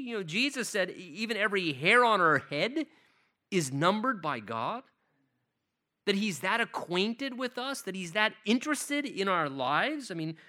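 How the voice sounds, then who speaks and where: High, bright-voiced male preacher. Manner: emphatic, reads scripture slowly with stress; conversational, asks the audience rhetorical questions. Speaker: pastor. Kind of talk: expository sermon.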